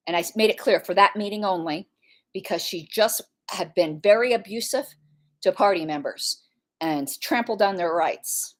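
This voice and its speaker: Animated woman telling an indignant story. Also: medium pitch, unhurried, long pauses. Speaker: political commentator, party secretary. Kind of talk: casual commentary monologue.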